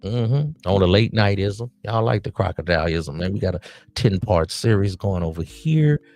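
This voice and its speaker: A man's voice: fairly low pitch, animated, normal speed, a little mellow, faint music behind. A man hosting a late-night podcast stream in a casual monologue, handing out streetwise, preachy advice to the young men he calls his nephews. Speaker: podcast host.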